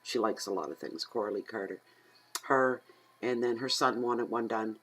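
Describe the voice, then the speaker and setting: A middle-aged woman from Atlantic Canada, a tarot reader who rambles and chats casually at home, talking aloud to herself and getting easily excited. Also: a bass voice, normal speed, slight background noise, poor audio. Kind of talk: casual chatty tarot reading.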